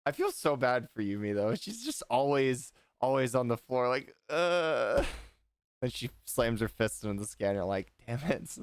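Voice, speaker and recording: A man's voice: mid-range voice, sing-song, normal speed, hardly any pauses, clean tone, no echo. A man hosting a livestream, chatting casually, rambling and restarting his sentences, with an occasional swear. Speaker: livestream host.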